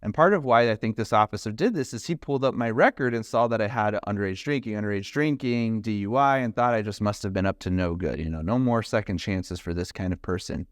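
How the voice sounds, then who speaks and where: 30s guy, lawyer telling his story, smooth voice, acts out everyone, dry close mic. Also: lowish voice, fast talker, hardly any pauses, dry recording. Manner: animated, acts out the other people in his story. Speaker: criminal defense lawyer. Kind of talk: conversational storytelling.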